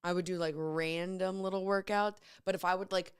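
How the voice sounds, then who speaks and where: A woman from New Jersey co-hosting a morning radio show, chatting casually and telling animated stories. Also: fairly low pitch, moderate pace, clear, resonant tone.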